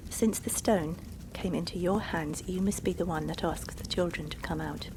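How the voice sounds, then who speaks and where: A woman voicing a brisk, stern old male leprechaun who talks formally and barks orders. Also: fairly low pitch, background noise, lightly acted. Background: music.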